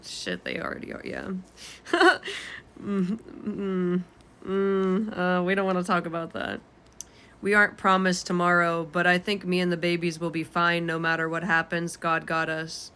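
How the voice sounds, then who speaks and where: A woman's voice: fairly low pitch, fairly bright tone, clean tone. A woman in her twenties reading her own journal aloud, candid and unfiltered, swearing casually. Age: 20s. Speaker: vlogger.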